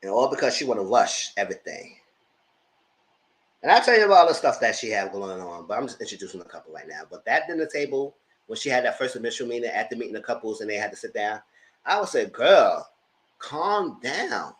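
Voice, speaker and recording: A man's voice: fairly low pitch, animated, fast. A man giving casual, slangy, gossipy commentary while reviewing reality TV. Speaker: TV show reviewer.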